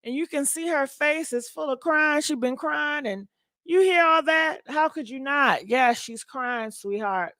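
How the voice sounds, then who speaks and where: A woman's voice: high-pitched, measured pace, pushed and bright, dry recording. A woman hosting a casual gossip livestream, chatting and thanking viewers for donations. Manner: chatty, reads donations and comments aloud.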